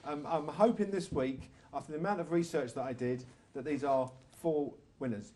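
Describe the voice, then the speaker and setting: A man's voice: on the high side, moderate pace, darkish tone, a little hiss or hum. A man hosting a horse racing show, hesitant and repeating words as he links segments. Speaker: host.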